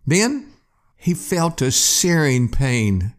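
Slow-talking guy spinning a spooky campfire tale, voice rising and falling a lot. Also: mid-range voice. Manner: slow, expressive storytelling. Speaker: podcast host. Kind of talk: storytelling narration.

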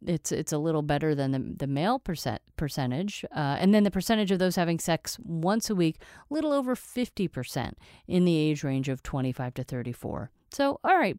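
A woman's voice: lowish voice, darkish tone, clear, resonant tone, no echo, studio quality. A middle-aged woman hosting a casual solo monologue, candid and playful, with chatty asides.

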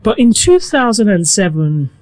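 A woman's voice: mid-range voice, normal speed. Middle-aged Nigerian-born woman telling her story. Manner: reflective, animated with quoted asides. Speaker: guest, food blogger. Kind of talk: conversational storytelling.

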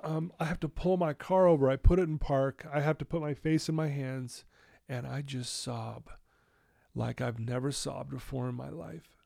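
A man's voice: medium pitch, fairly even intonation, moderate pace, vocal fry, mellow, no echo, clean studio sound. Earnest man telling his recovery story. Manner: candid, emotional storyteller. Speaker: addiction recovery counselor, guest. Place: his office.

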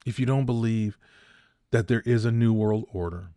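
A man's voice: lowish voice, normal speed, dark tone, no echo, clean studio sound. A man in his fifties hosting a podcast, delivering a heated opinion monologue that repeats points for emphasis. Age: 50s. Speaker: podcast host.

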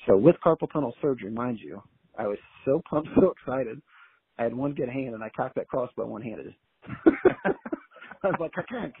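A man telling a long story in a casual, colloquial and animated way as an interview guest, heard over a phone line. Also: mid-range voice, moderate pace, long pauses, husky, no room sound. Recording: tinny dry phone line.

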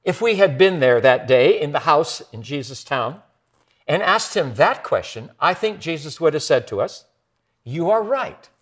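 Male pastor, sermon delivery; high, lively voice that sinks to near-whispers for emphasis. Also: moderate pace. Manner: expressive preaching with dramatic soft drops.

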